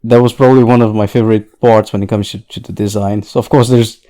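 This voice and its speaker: A man's voice: fairly low pitch, fairly even intonation, fast talker, warm tone. A man co-hosting a podcast, chatting casually and laughing between his points. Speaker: podcast co-host. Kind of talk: casual chat.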